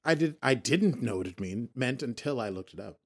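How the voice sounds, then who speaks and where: A man's voice: medium pitch, expressive, a little fast. A man hosting a podcast, casually recapping a TV episode in a rambling, joking way, often correcting himself. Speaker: podcast host.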